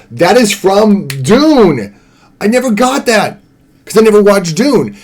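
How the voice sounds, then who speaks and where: A man's voice: sits high, big pitch swings, takes it slowly, darkish tone, slightly rough. A man chatting casually to viewers during a live stream, rambling and laughing easily. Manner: rambling, chatty, sings along and laughs often.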